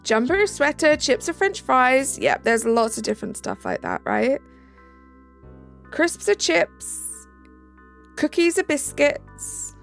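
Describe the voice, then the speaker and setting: This British live-stream host talks casually with viewers, reading and answering their messages and thanking them. Her high, gravelly voice swings hugely in pitch, and she speaks at a slow pace. Faint music plays underneath.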